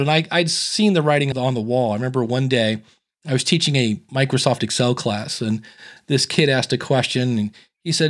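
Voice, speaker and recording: A man's voice: medium pitch, normal speed. A man being interviewed as a guest on a podcast, chatting casually and acting out the dialogue in his stories. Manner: chatty storyteller who acts out quoted dialogue.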